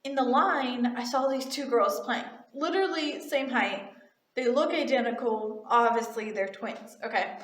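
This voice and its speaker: Bubbly young woman with a high voice telling a chatty storytime in a roomy space. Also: measured pace. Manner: gushing, chatty, full of "like" fillers. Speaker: retail cashier and vlogger. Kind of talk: casual storytime.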